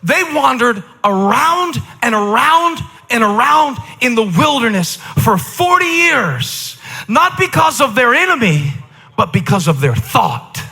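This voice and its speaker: A male pastor preaching emphatically, shifting from quiet asides to shouted declarations. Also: very high voice, very animated, a little slow, gravelly, slightly rough. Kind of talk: sermon. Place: large church auditorium. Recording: reverberant large hall.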